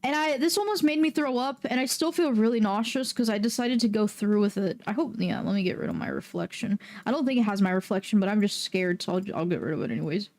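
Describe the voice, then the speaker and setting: A woman streaming a game, chatting casually with viewers and breaking into loud, excitable, swearing outbursts. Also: mid-range voice, fast, hardly any pauses. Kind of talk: casual livestream chat.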